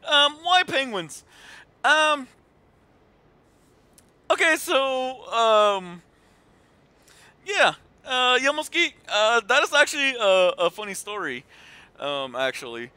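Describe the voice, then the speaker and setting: A man in his thirties talks casually over his game stream, rambling with many fillers and restarts. His voice sits high and swings widely in pitch. It has a bright, forceful edge. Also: takes it slowly, pauses often, clear, resonant tone, no room sound. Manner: animated retelling with voiced quotes. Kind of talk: casual chat while gaming.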